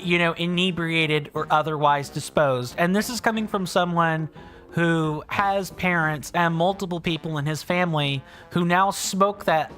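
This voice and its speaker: A man with a fairly high, fairly bright voice chats casually over gameplay during a video game livestream. He rambles as a streamer, thinking aloud and restarting his sentences.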